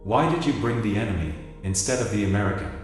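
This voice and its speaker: A man's voice: on the low side, animated, fast, close to an everyday voice. A man voicing a fierce, proud Greek warlord who talks bluntly and angrily, in a dramatic reading in an echoey hall. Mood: scornful. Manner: angry, blunt, demanding. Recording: echoey hall with music behind.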